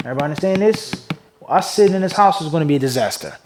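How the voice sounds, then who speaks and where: A man teaching an Islamic class and answering questions. He keeps pausing to ask the class "what?" so they fill in the word, and swings from loud emphasis to quiet asides. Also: on the high side, expressive, slight background noise, low-quality recording. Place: classroom with a live audience.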